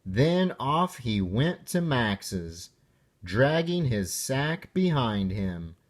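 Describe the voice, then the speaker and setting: A man reading a children's picture book aloud with expressive delivery and playful sound words. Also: mid-range voice, extremely slow. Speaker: narrator.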